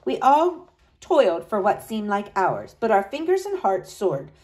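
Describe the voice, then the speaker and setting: A woman reading a children's Christmas story aloud, with lively delivery and high excited lines for the children. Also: normal speed, poor audio. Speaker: storybook narrator. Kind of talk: storybook read-aloud narration.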